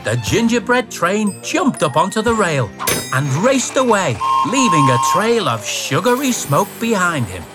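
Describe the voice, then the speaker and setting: A storyteller reading a children's picture book aloud with playful, expressive delivery and sound words. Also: medium pitch, measured pace. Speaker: narrator. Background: children's music.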